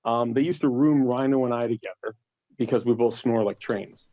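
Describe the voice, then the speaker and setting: A middle-aged man tells a story casually on a podcast where he's a guest, speaking at a moderate pace in a mid-range voice. Animated, he acts out others' quotes in livelier voices. The audio is lo-fi, with no room sound.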